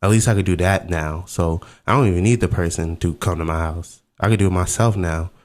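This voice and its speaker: A young man hosting a podcast, telling a candid, profane, self-mocking story in a relaxed, conversational way. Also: low voice, fairly quick. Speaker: podcast host. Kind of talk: casual storytelling monologue.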